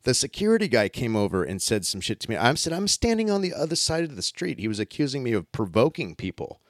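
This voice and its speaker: A man telling a story in casual chat, animated and swearing often, acting out what others said. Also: medium pitch, quick pace, dry recording, clean studio sound.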